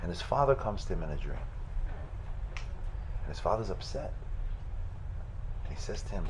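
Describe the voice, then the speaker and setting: A man, a rabbi, telling a religious story in a sermon, halting and restarting at times. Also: deep voice, very animated, background noise. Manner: halting retelling with restarts, rising to loud fervent chanting at the end.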